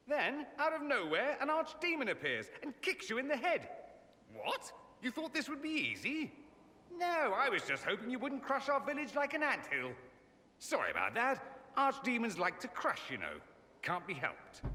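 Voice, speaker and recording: A man's voice: high voice, pushed and bright, in a large hall, full character voice. An actor voicing a witty, vain male mage in a video game, sardonic and theatrical, by turns playful and grave. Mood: mocking.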